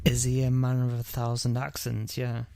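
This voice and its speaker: A man's voice: medium pitch, monotone, normal speed, vocal fry, dark tone, smooth, no room sound. A man co-hosting a casual true-crime podcast, reacting with short, jokey remarks. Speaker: podcast co-host.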